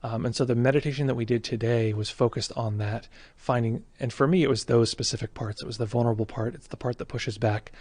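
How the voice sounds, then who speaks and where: A man, a meditation teacher, giving a halting, reflective account of a personal experience, with many fillers and restarts. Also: mid-range voice, fairly even intonation, darkish tone, no room sound.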